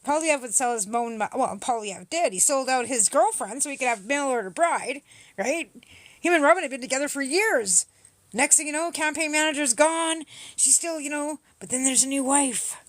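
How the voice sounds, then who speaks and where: Replying to chat comments on her livestream, this Canadian woman is combative, profane and mocking. Her voice is high-pitched with lively intonation at a normal speed, and the recording is dry.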